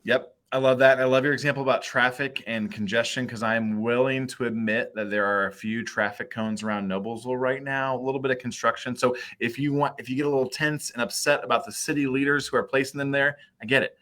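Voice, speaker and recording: A man's voice: mid-range voice, fairly even intonation, fast, hardly any pauses, fairly bright tone. A man with a Midwestern American accent hosting a casual video chat in an upbeat, affirming way. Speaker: host, mayor. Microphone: video call.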